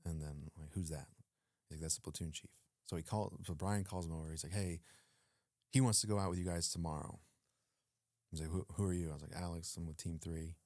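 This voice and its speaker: Very deep-voiced guy telling army stories, chatty, lots of ums, does the other guys' lines, dry close mic. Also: fast talker, dry recording. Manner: animated, acts out quoted dialogue, frequent fillers. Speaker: guest, former Navy SEAL. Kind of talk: casual storytelling in an interview.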